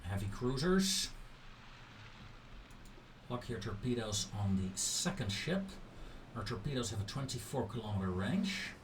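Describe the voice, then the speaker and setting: A man's voice: medium pitch, sing-song, measured pace, long pauses, distant mic, slight background noise. A man commentating a naval strategy game, issuing clipped commands to his ships and grumbling when things go wrong. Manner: talks to his ships in clipped commands, growing openly annoyed.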